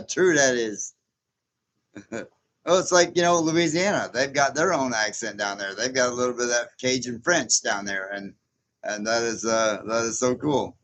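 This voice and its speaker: A man's voice: mid-range voice, a little slow, a bit bright. A man in his sixties chatting casually as host of a livestream, reading viewer comments aloud, rambling and chuckling often. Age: 60s. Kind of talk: casual live chat.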